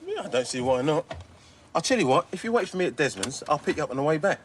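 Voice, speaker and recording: An actor playing a cheerful working-class market trader with a Cockney accent, full of cheeky banter. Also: male voice, fairly high pitch, very animated, fast. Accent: Cockney London. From England. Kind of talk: sitcom acting. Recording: noisy TV sitcom audio.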